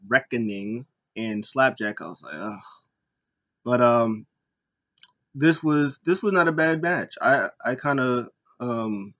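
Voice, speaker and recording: Male host, casual recap, rambling delivery with restarts and fillers, mid-range voice. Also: medium pitch. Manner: rambling, animated retellings with frequent fillers and restarts. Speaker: podcast host.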